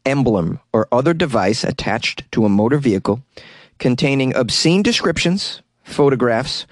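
A man's voice: mid-range voice, no echo. A man hosting his own comedy podcast, talking solo in a wry, rambling way and laughing at his own jokes, recorded in a small closet. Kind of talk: casual solo podcast monologue.

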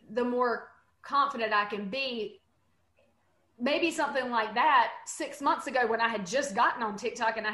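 A woman chatting on a panel, telling stories and acting out what people said. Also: on the high side. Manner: animated storyteller, acts out quotes. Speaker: panel guest. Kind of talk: casual panel chat. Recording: roomy echo.

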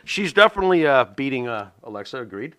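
A man's voice: mid-range voice, very animated, fast, sharp tone. A man co-hosting a casual wrestling podcast, opinionated and profane as he makes his picks. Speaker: co-host.

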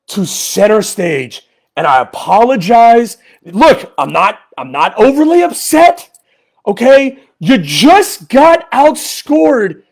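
A male podcast host delivering an exasperated, emphatic post-game rant full of rhetorical questions. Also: very high voice.

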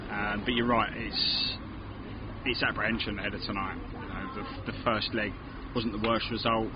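A man with an English accent co-hosting a casual podcast outdoors, measured and hesitant, with frequent ums and restarts. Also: fairly low pitch, little pitch movement. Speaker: podcast co-host. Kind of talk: casual chat. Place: outdoors at a city-centre bar. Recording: muffled outdoor recording with loud street noise. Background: loud street noise.

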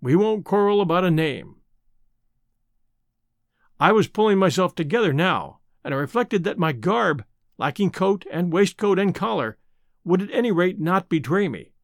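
An audiobook narrator with a lively, high male voice reads scripted first-person novel narration at a normal pace. The recording is dry and studio quality.

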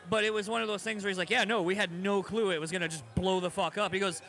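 A laid-back male podcast host with a high, bright, forceful voice. Faint music sits underneath. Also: fairly even intonation, fast. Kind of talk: casual interview chat.

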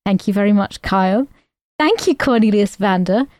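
A woman's voice: medium pitch, lively intonation, moderate pace, a little mellow, dry recording. Giggly woman, dry close mic. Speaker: podcast co-host. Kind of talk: casual chat.

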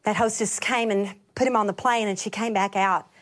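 A middle-aged woman telling a testimony as a sermon, animated, rising to laughing emphasis and dropping to hushed whispers. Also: medium pitch, brisk. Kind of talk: sermon storytelling.

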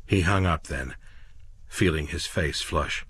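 A man narrating a science fiction story with slow, measured storytelling. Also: extremely low pitch, fairly bright tone, husky.

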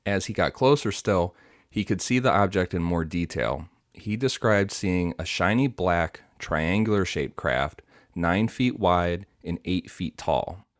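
Deep-voiced man narrating casually. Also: expressive, a little slow, no room sound, studio quality. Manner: reads story details with asides and fillers. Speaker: podcast host telling the story. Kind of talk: casual storytelling from notes.

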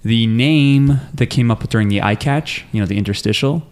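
A man hosting a podcast in easy, joking banter, now and then humming a riff. His voice sits at an ordinary pitch and he keeps things loose and playful. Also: normal speed, darkish tone, clean tone. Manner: joking, breaks into humming riffs. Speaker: podcast host. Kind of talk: casual podcast chat.

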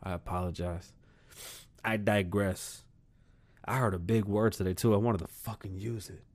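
A man hosting his own show in a casual comedic monologue. He is profane and rambling, and swings between loud outbursts and muttered asides. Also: fairly low pitch, fairly even intonation, moderate pace. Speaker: podcast host.

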